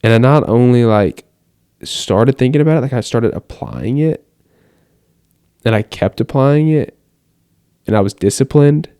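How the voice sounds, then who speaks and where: A man's voice: medium pitch, lively intonation, a little slow, pauses often, dark tone, clean tone, no room sound, studio quality. A seventeen-year-old boy from the United States, talking to the camera in his bedroom late at night in a rambling, earnest monologue full of "like" fillers. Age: teens. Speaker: vlogger.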